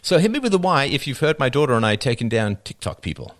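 A man's voice: mid-range voice, sing-song, fast. A middle-aged man hosting a livestream, reading viewer comments aloud and answering them with dry, wry jokes. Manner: dry joking, wry asides. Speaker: livestream host.

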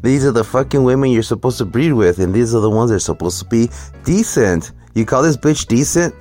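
Crude ranting man, lively pitch. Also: brisk, faint music behind. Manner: crude, profane, mocking. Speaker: commentary host. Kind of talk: ranting reaction commentary.

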